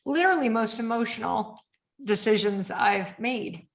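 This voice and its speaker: A woman hosting a podcast in casual chat, animated, often acting out her inner voice in a higher tone. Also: measured pace, creaky. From United States. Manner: animated, acts out her own inner voice in high tones. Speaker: podcast host. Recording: roomy echo.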